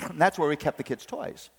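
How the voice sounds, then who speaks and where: Middle-aged male preacher, slightly high voice, storyteller, hall echo. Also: moderate pace, gravelly, slightly rough. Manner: animated storytelling, acts out family voices. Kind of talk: sermon on parenting. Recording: long hall reverb.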